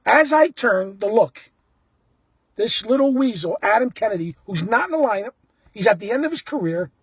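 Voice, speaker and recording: Animated man telling a story, husky voice. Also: high voice, moderate pace, no room sound. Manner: animated, blunt, acts out the quotes. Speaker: baseball fan telling a story. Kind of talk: casual storytelling to camera.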